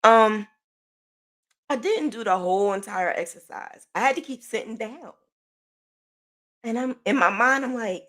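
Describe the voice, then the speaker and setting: Chatty woman podcaster with a bright voice. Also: fairly high pitch, a little slow, long pauses. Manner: animated, chatty, laughs while telling; informal slang speech. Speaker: podcast host. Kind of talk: casual personal storytelling.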